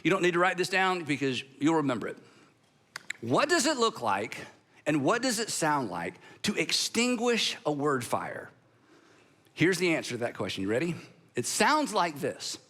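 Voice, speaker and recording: Animated, emphatic male pastor preaching. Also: on the high side. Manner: animated, emphatic, pauses for effect; leads the congregation in call-and-response practice. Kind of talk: sermon.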